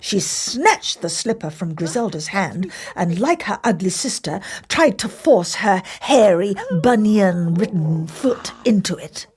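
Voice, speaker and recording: A woman's voice: mid-range voice, animated, measured pace, hardly any pauses, a little mellow. A woman reading a fairy tale aloud in a playful, theatrical way. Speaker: storybook narrator. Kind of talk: expressive storybook reading.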